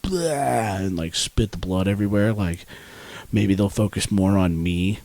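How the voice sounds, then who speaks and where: A young man with a somewhat low voice tells a story in a relaxed, casual way. He swears freely and laughs easily. The sound is dry and close. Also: moderate pace, dry recording. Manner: laid-back, swears freely, laughs often. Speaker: podcast co-host.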